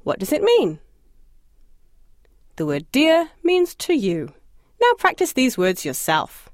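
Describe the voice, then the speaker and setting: A woman narrating a scripted audio language lesson, encouraging and lightly humorous, asking the listener to answer out loud. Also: high voice, wildly swooping pitch, takes it slowly, dry recording, studio quality. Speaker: language course instructor.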